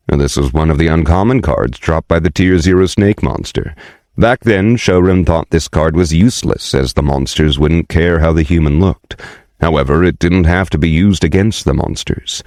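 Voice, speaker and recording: A man reads a fantasy audiobook in a steady, measured voice on a close mic. His voice sits very low, and the recording is dry with no room sound. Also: dry recording. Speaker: audiobook narrator. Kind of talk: scripted audiobook narration.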